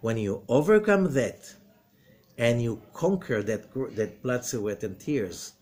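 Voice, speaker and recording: A middle-aged man, a rabbi giving a spoken lesson, animated, with rhetorical questions and sudden swings between loud emphatic bursts and low quiet passages. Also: slow. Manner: rhetorical questions and acted-out quotes. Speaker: rabbi and Zohar teacher.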